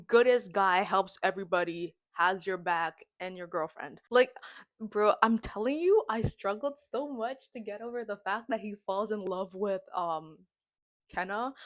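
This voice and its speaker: A young adult woman vlogging a casual movie recap and reaction, slangy and dramatic, with comic asides. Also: mid-range voice.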